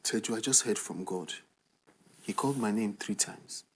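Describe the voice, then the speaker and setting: An actor playing a solemn man who claims God called him, with a husky, slow delivery. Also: on the low side.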